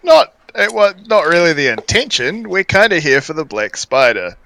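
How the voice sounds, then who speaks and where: A man's voice: fairly high pitch, big pitch swings, moderate pace, vocal fry, pushed and bright, a little hiss or hum. A man chatting as a player in a tabletop game, playful and joking. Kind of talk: casual tabletop game chat.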